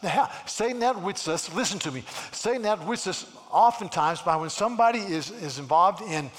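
A man preaching a sermon in a church, animated, often repeating words and acting out the people in his stories. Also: high voice, normal speed, long reverb tail. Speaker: pastor.

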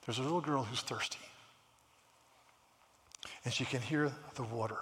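A man preaching a sermon in a church, animated, often repeating words and acting out the people in his stories. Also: mid-range voice, normal speed, big-room sound, background noise. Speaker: pastor.

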